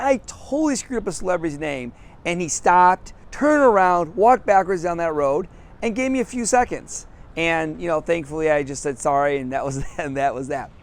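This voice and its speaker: A man's voice: fairly high pitch, expressive, moderate pace. A middle-aged man, a business coach, telling a story to camera on a city sidewalk outdoors, upbeat and laughing often at himself.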